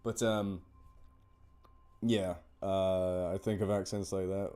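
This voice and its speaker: A man's voice: low-pitched, flat delivery, takes it slowly, long pauses, mellow, smooth. A man chatting casually on a live stream between horror stories, rambling and self-deprecating as he thanks donors by name. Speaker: horror story narrator on a charity live stream. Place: indoors at home.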